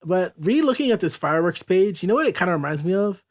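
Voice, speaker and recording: A man's voice: high voice, very animated, fast talker. A young man hosting a casual comic podcast, rambling and correcting himself as he talks. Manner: rambling, chatty, self-correcting. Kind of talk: casual chat.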